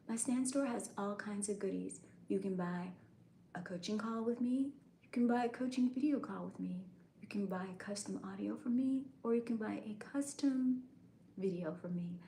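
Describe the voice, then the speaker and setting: A woman doing a whispered role-play, voicing a soft-spoken woman who coaxes the listener through a bedtime routine. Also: mid-range voice, echoey room, a little hiss or hum, natural voice. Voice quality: breathy whisper.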